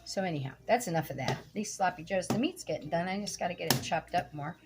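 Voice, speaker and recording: A woman's voice: fairly low pitch, lively intonation, quick pace, noisy background. A middle-aged woman vlogging casually at home while cooking, telling a story bluntly and indignantly, swearing freely.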